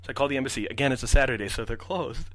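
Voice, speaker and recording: A young man rattles through a story at a quick clip, swearing freely and slipping into the voices of the people he quotes. His voice sits at an ordinary pitch and sounds dry and close, with no room around it. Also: dry recording. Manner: animated, profane, acts out quotes. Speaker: podcast guest. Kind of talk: casual storytelling.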